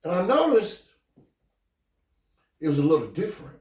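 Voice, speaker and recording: A man hosting a podcast, telling a story casually, with animated, profane delivery, acting out the quoted lines. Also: high-pitched, moderate pace. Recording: echoey room, mic at a distance.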